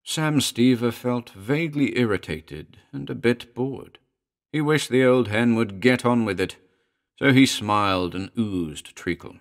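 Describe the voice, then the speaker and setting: A man narrating a horror story in a measured, dry manner. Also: medium pitch.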